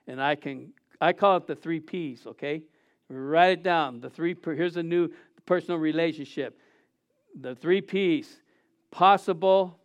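A man with a high, smooth and resonant voice preaching in church. He delivers the sermon with animation, drawing his congregation into call-and-response. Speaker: pastor.

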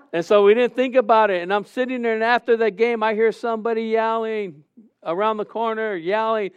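A man's voice: high voice, fairly even intonation, normal speed, smooth, no echo, highs cut off. A middle-aged man preaching a sermon, questioning the congregation and acting out stories.

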